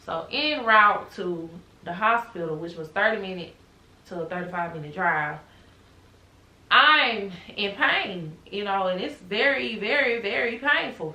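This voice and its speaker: Bright-voiced woman telling her story. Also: mid-range voice, roomy sound, poor audio. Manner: animated, emotional retelling, acts out the voices in her story. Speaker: vlogger. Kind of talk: personal storytelling to camera.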